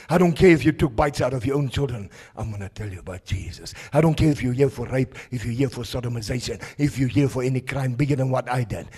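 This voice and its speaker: A South African man preaching a fervent testimony sermon at a service in a prison, with a raspy voice. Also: medium pitch, a little mellow. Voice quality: raspy, gravelly voice.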